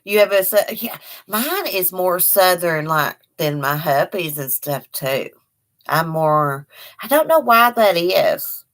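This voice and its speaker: A woman's voice: on the low side, expressive, takes it slowly, fairly bright tone. A woman from Eastern Kentucky with an Appalachian accent, hosting a casual home livestream, chatting folksily and reading out viewer comments. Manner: chatty and folksy, laughs often, talks to her dog. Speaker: livestream host.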